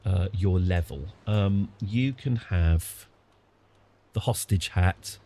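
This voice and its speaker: A British man streaming a strategy game, chatting through it and getting excited and apologetic in turns. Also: deep voice, slow. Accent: British English. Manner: chatty, easily excited, apologetic after outbursts. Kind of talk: live game commentary.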